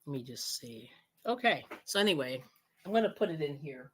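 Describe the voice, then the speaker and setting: A woman's voice: low voice, big pitch swings, a little fast, slight background noise. A woman hosting a casual live cooking stream, chatting as she works, laughing often and restarting her sentences. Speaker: cooking show host.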